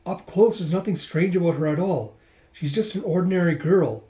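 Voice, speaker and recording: A man's voice: sits high, normal speed, warm tone, close to an everyday voice. A man voicing a proud, prickly young noblewoman in a manga readthrough, protesting indignantly. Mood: puzzled.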